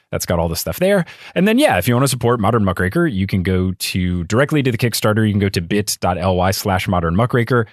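A young man with a lowish voice talks as a guest on a podcast, gushing with warmth about a show he loves. His voice is close and dry, with no room sound around it. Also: no echo. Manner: enthusiastic, gushing. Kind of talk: casual chat.

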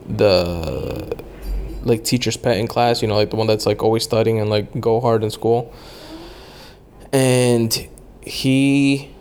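A man's voice: mid-range voice, darkish tone, a little hiss or hum. A young man chatting loosely about his travels, rambling with lots of fillers and casual swearing. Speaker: travel vlogger.

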